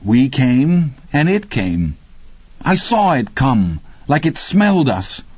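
A man's voice: mid-range voice, very animated, slow pace, a little mellow, slightly rough, dry recording, lo-fi sound, pitched above the performer's own voice, full character voice. A man voicing a frightened but sardonic bookish teenage boy. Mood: shaken wry. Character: shaken bookish teenage boy, wry and nervous.

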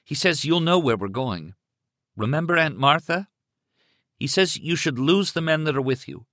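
A man's voice: mid-range voice, big pitch swings, slow pace, dry recording, voice pushed up. A man voicing a frightened young mother who sounds harried and close to tears, pleading in a trembling voice.

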